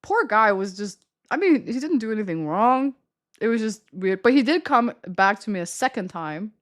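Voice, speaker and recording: A woman's voice: medium pitch, big pitch swings, normal speed. A young woman streamer telling a story in casual chat, rambling and laughing often. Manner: rambling, chatty, with frequent laughter and "like" fillers.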